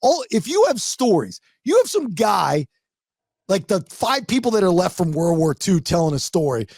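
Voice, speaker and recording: A man hosts a casual podcast, telling radio stories with growing excitement. His pitch moves a lot as he talks, and the recording is close and dry with no room sound. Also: normal speed, breathy edge, no echo. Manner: animated storyteller, rising excitement in anecdotes. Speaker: radio host. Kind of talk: casual podcast chat, storytelling.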